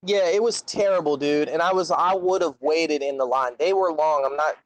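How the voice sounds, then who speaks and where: A man's voice: on the high side, normal speed, dry recording, low-quality recording. A young man telling a long story in casual chat, rambling and swearing constantly. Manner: profane, rambling, animated storyteller.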